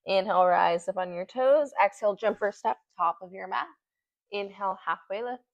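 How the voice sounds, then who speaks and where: A woman's voice: mid-range voice, normal speed, gravelly, highs cut off. A woman leading a yoga class at home, giving short breath-paced cues while doing the poses and getting out of breath. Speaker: yoga instructor.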